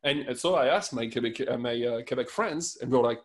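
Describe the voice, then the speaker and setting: A man in his thirties from France with a French accent, co-hosting a podcast in an animated, laughing rant. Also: mid-range voice, fast talker, hardly any pauses. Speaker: podcast co-host. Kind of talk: casual chat.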